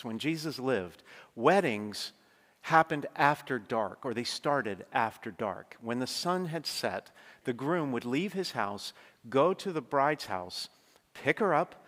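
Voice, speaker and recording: A man's voice: medium pitch, fairly bright tone. A man, a priest, preaching a sermon in a conversational, emphatic way, speeding up when he stresses a point. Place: church. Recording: long church reverb.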